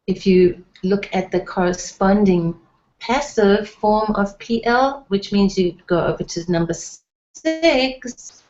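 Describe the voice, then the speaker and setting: A woman teaching a language lesson in a patient, step-by-step way, with frequent pauses and fillers. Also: mid-range voice, a little mellow, dull audio. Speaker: Hebrew teacher. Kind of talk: slow, careful language lesson.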